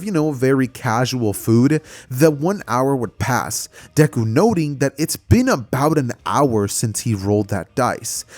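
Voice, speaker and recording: A man casually retelling a fan-made story, animated and conversational, with frequent fillers. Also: mid-range voice, no room sound.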